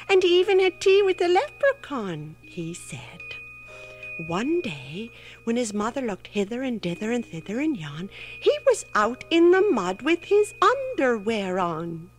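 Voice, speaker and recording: A woman narrating a rhyming children's story in a lilting, playful way. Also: on the high side. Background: orchestral music.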